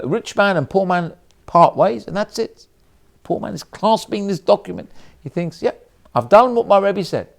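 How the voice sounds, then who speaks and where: A rabbi telling a story in a sermon, with a voice that sits high for a man. His pitch swings widely as he narrates in a lively way and acts out each character. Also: gravelly.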